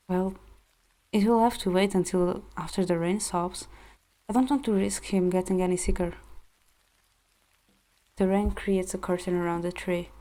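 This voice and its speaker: Warm-voiced woman reading a game aloud. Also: lowish voice. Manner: expressive narration with chatty asides. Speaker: streamer. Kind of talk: reading a visual novel aloud. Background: soft background music.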